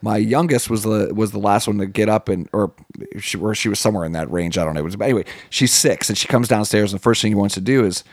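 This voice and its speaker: A man's voice: on the low side, fast, no room sound, studio quality. A man in his thirties or forties, co-hosting a podcast in casual chat, telling jokey stories with lots of laughter. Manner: animated, laughing, jokey storytelling. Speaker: podcast co-host.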